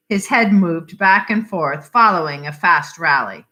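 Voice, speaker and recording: Slow, expressive woman reading a story. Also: lowish voice. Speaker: reader. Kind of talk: reading a short story aloud.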